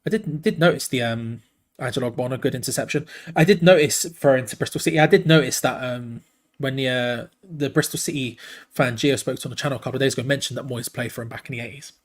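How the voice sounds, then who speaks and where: A man hosting a live football watch-along. He calls the play excitedly and breaks off to answer viewers in the chat. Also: mid-range voice, quick pace. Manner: excitable, chatty, jumps between play-by-play and reading comments. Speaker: watch-along host and commentator.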